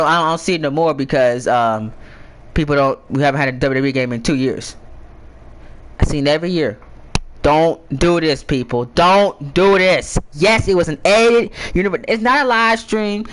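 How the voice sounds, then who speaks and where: Lively rambling young man chatting. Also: fairly high pitch, poor audio. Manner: rambling, repeats and restarts words; playful, teasing. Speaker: gaming YouTuber. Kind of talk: casual advice chat to viewers.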